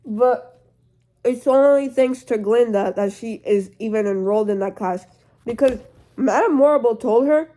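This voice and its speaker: Chatty teen girl, mellow voice. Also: on the high side, moderate pace. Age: teens. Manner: rambling, filler-heavy, chatty. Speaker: vlogger. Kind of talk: casual storytime retelling.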